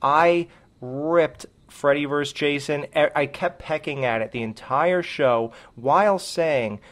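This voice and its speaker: A man's voice: on the high side, moderate pace. A man co-hosting a podcast and ranting in a sarcastic, profane way. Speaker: podcast co-host. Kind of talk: casual podcast chat.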